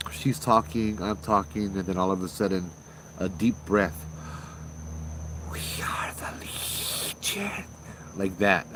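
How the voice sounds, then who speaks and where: Brief: low-pitched man, host, rambling casual ghost-story telling, faint background noise. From Hawaii. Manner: rambling, with many restarts.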